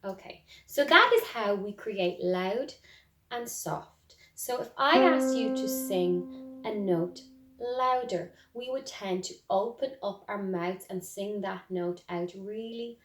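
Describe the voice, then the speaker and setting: A woman with an Irish accent teaching a music lesson to young children, speaking gently and encouragingly and singing demonstrations. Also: mid-range voice, takes it slowly. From Ireland. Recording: roomy echo.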